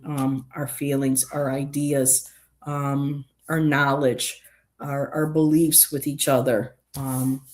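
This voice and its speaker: Middle-aged lady with a low voice rambling on her stream, lots of ums. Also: darkish tone. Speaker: livestream host reading chat. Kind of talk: casual chat.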